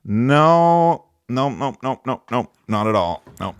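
Playful lively-voiced man hosting a podcast. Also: medium pitch, takes it slowly, no echo, clean studio sound. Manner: playful, mock-dramatic, breaks into laughter. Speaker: podcast host. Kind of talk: casual comedic podcast chat.

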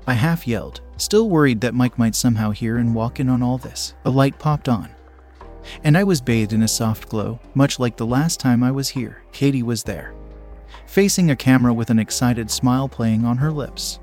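In a steady, measured way, a man tells a story in the first person. His pitch sits in an ordinary middle range, and faint music runs beneath his reading.

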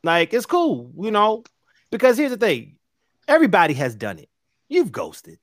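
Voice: mid-range voice, huge pitch swings, normal speed, no room sound, studio quality. A podcast co-host giving opinions in casual chat, emphatic and direct.

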